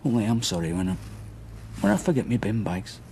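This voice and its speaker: A man's voice: lowish voice, sing-song, a little fast, warm tone, slight background noise. A young man playing a heartbroken boyfriend who turns bitter and sarcastic. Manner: sarcastic, mocking. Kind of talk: TV soap drama acting.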